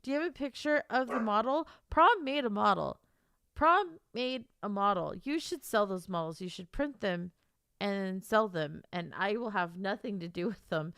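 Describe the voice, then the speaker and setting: A woman's voice: mid-range voice, expressive, normal speed, vocal fry, fairly bright tone, clean tone, no echo, studio quality. A woman streamer chatting casually with her viewers, emotional and teary, laughing and rambling as she talks. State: teary, crying on and off. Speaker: streamer and author. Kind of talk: casual live-stream chat.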